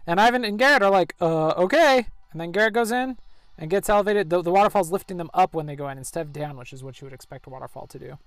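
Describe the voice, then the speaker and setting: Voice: medium pitch, rapid-fire, no echo. A player casually narrating a story game, describing the action and reading the characters' lines aloud. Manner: chatty, narrates actions, voices characters loosely. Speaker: gameplay narrator.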